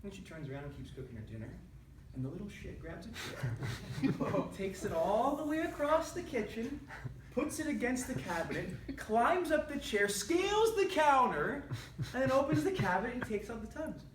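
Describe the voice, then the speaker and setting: A man giving a prepared speech to an audience, telling a humorous family story with animated delivery. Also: very high-pitched, moderate pace, background noise. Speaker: public speaker. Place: meeting room with an audience. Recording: echoey room from a distant mic.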